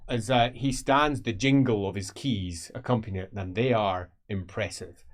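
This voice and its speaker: A man's voice: fairly low pitch, normal speed. A man narrating a tabletop fantasy game as game master, descriptive and casually swearing.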